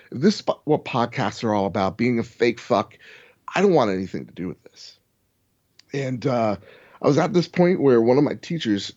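A man's voice: medium pitch, darkish tone, muffled recording. A young man in a casual podcast chat, telling a long frustrated story and swearing freely. He quotes other people in mimicked voices as he goes. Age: young adult.

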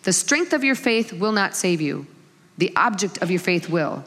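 A middle-aged woman preaching a sermon, telling stories with lively acted-out quotes. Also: lowish voice, moderate pace. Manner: animated storytelling with acted-out quotes. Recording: long hall reverb.

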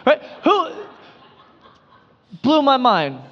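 A man preaching a sermon, telling playful everyday stories with mock surprise and animated delivery. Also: extremely high pitch, extremely slow, big-room sound, dull audio. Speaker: pastor.

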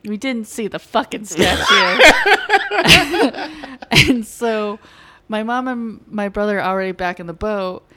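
A woman's voice: medium pitch, wildly swooping pitch, moderate pace, pushed and bright. A woman co-hosting a casual chat, telling a story with laughs and casual swearing. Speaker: podcast co-host.

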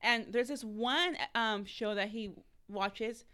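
A young adult woman co-hosting a casual podcast chat, telling animated stories and acting out what her family says. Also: fairly high pitch, slow pace, clean tone. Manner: animated storyteller who acts out family quotes. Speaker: podcast co-host.

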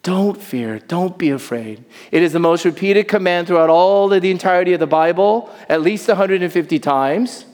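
Male pastor, high-pitched, lively sermon delivery, long church reverb. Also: clean tone. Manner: animated preaching, slowing to soft emphasis. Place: church sanctuary.

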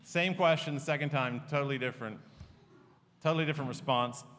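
A man's voice: mid-range voice, fairly quick, a bit bright. A man preaching a sermon as pastor in a church, earnest and conversational, telling personal stories. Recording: long reverb of a large hall.

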